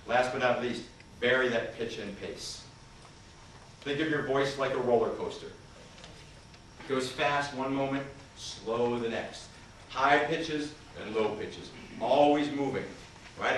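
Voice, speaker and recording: A man's voice: medium pitch, measured pace, a bit bright. A man who trains people in communication, giving an interactive seminar presentation and putting questions to his audience. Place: large conference hall. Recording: echoey hall, voice far from the mic, faint noise.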